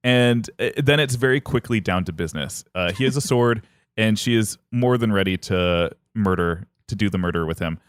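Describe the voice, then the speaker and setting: A man narrates a myth as a podcast host, his voice smooth and a little low. He slips into short voices for the characters. The sound is close and dry. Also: no echo. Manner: animated, acts out characters in quick bits. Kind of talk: comedic storytelling chat.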